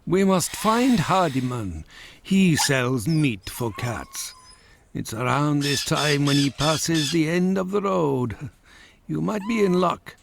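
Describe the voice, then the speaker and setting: An actor voicing a kindly male pet shop keeper who speaks slowly and earnestly in a game. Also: a little high, lively intonation, gravelly, noisy background, exaggerated voice. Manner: slow, earnest.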